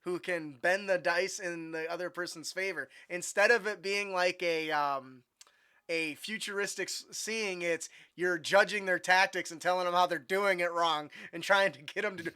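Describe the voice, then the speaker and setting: A man's voice: high voice, steady tone, normal speed, bright, forceful tone, smooth. A man co-hosting a tabletop gaming podcast, talking casually with many fillers and restarts. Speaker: podcast co-host. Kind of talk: casual chat. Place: home room over the internet.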